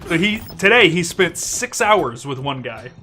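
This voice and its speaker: A man's voice: a little high, very animated, a little slow, sharp tone. A young man chatting casually while gaming, telling a story animatedly, swearing often and laughing mid-sentence. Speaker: co-op gaming channel host.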